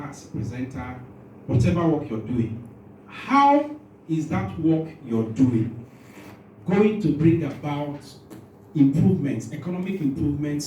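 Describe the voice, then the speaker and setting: A Nigerian man runs a training workshop in a large conference room, quizzing the room, joking, and interrupting himself, slightly nervous with a shaky voice. His voice is fairly high and mellow, with a little hiss or hum. The recording is echoey and captured from far off.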